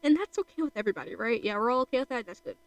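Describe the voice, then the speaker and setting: A woman's voice: a little high, expressive, very fast, no room sound, poor audio. A woman streamer chatting casually while she draws, rambling with lots of fillers.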